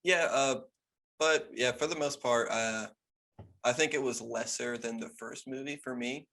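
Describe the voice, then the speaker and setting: A man's voice: mid-range voice, measured pace, fairly bright tone. A man co-hosting a podcast, chatting casually about a movie in an easygoing, agreeable way, with stammered restarts. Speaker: podcast co-host. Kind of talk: casual movie review chat.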